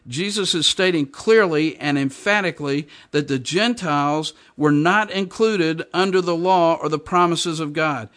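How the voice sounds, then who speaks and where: A man's voice: a little high, moderate pace, few pauses, fairly bright tone. A man preaching a sermon, reading scripture aloud and explaining it with emphatic repetition. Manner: emphatic, repeats and explains verses.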